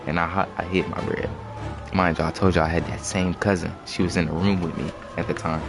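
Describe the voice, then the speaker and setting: A man's voice: low voice, flat delivery, a little fast, gravelly. A young man telling a story in a loose, slangy, rambling way on a casual live stream. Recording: music playing behind.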